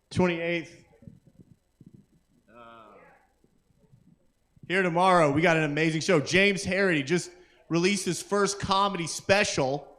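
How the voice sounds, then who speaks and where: A man's voice: on the high side, fairly bright tone. A man hosting a live open mic, doing rambling, self-interrupting crude stand-up to the crowd at a kava bar. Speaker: comedian and open mic host.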